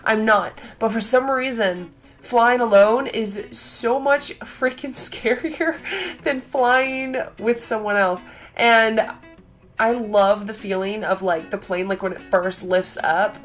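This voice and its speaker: Young woman vlogger, middle pitch, chatty and gushing, faint music behind. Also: unhurried. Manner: chatty and excitable, many fillers and acted-out quotes. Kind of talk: casual storytelling vlog.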